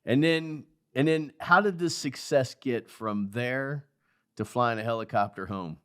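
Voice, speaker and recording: A man hosting a podcast interview, with a middle-pitched voice. He asks eager, curious questions in a conversational way and laughs easily. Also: unhurried, a bit bright, clear, resonant tone. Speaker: podcast host.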